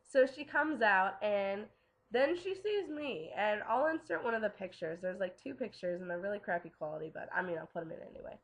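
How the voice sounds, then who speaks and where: A woman's voice: medium pitch, expressive, fairly quick. Chatty young woman telling a story. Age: young adult. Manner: chatty, lots of "like" and "um" fillers. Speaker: vlogger. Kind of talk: casual storytelling to camera.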